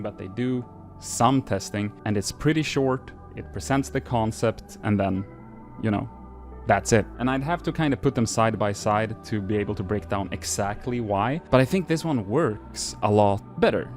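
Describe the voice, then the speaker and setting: Low-voiced man reading eerie entries. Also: moderate pace, darkish tone, soft background music. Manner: casual, self-deprecating, filler-heavy asides. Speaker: host reading entries aloud. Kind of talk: reading archive entries with casual asides.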